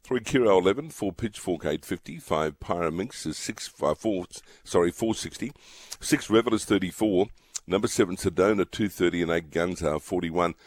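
A very low-pitched man hosts the show, reading the runners and their odds. His delivery is brisk and matter-of-fact. The sound is dry and close to the mic. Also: no echo. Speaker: radio host. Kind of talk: reading betting odds on radio.

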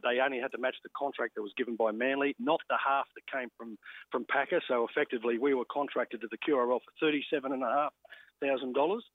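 A man from Queensland with an Australian accent, a guest telling a lively anecdote full of quoted dialogue on a radio show. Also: mid-range voice, dry recording. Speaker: guest, former rugby league player. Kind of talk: storytelling anecdote in a radio interview. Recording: dull dry radio line.

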